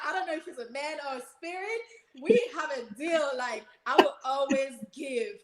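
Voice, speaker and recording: A woman's voice: sits high, animated, normal speed, echoey room, background noise. A woman guest on a podcast, telling a personal story earnestly and animatedly, quoting her own prayers.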